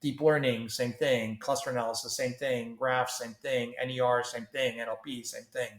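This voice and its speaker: A man from Canada talks as a company founder in a podcast interview. His pitch sits in the middle range and his delivery is animated, with frequent restarts and repeated words. The room around him is audibly echoey. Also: moderate pace. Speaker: tech company CEO, guest.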